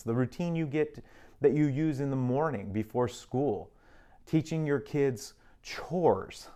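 A man preaching a sermon in a relaxed, conversational teaching style, adding dry little jokes. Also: medium pitch. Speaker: pastor. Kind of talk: sermon on parenting and faith.

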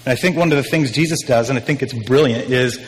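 A man's voice: mid-range voice, fast, long reverb tail, slight background noise, poor audio. A man preaching a sermon in a casual, emphatic style, repeating his key phrases.

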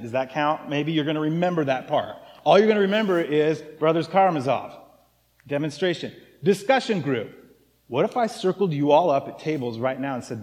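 A man's voice: on the high side, animated, normal speed, big-room sound. A man preaching a casual, joking sermon as pastor of a church. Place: church sanctuary.

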